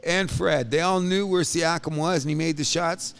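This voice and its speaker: A man co-hosting a casual sports podcast, rambling and animated with frequent restarts. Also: a little high, normal speed, gravelly, smooth. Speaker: podcast co-host.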